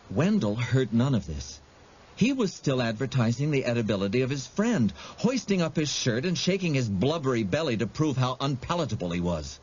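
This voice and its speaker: A man narrating an audiobook in a dramatic, expressive storytelling manner. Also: medium pitch, moderate pace, breathy edge, lo-fi sound.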